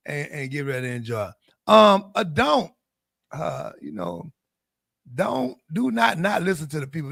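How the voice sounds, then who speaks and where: A man, co-hosting a casual chat and handing out advice in animated, preachy lists. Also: a little high, gravelly, dry recording, clean studio sound. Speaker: co-host.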